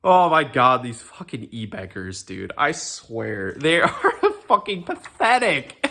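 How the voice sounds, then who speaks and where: A man's voice: medium pitch, animated, a little slow, gravelly, bright, forceful tone. A young man ranting in casual commentary, sarcastic and profane, mocking with lots of fillers and restarts. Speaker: commentary ranter.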